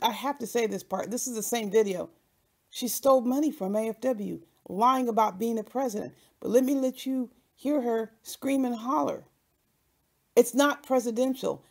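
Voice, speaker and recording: A woman's voice: fairly high pitch, a little mellow. A woman hosting her own channel, talking over clips in a combative, mocking commentary. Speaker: channel host.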